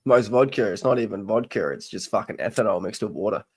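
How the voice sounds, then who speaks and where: Quick, husky-voiced Australian co-host, blunt and profane. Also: male voice, fairly low pitch. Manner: blunt, sweary, matter-of-fact. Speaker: podcast co-host. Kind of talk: casual chat.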